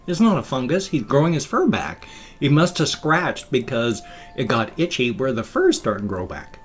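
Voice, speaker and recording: A man in his fifties talking casually in a daily vlog, chatty and affectionate, sometimes cooing to a pet or jumping into high squeaky sounds. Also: moderate pace, soft background music. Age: 50s. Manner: animated, jumps into high squeaky sound effects. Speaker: vlogger.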